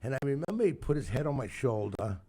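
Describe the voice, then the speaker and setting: A man's voice: medium pitch, sing-song, warm tone, husky. Older man telling rambling coaching stories. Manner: rambling, halting, many restarts. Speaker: retired youth baseball coach, guest. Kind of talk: casual radio interview storytelling.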